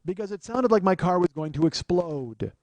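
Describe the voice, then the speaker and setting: A man hosting a comedy podcast, telling an exasperated, profane story that swings from low muttering to loud outbursts. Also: animated, moderate pace, no echo. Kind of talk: storytelling monologue.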